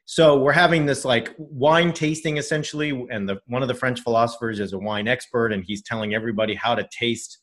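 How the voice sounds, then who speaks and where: A middle-aged man spins a long personal story at an easy podcast pace. His voice sits at an ordinary pitch and he rambles, circling back with fillers and restarts. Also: steady tone, a little fast, few pauses, a bit bright. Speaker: podcast co-host telling a story. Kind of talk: casual storytelling.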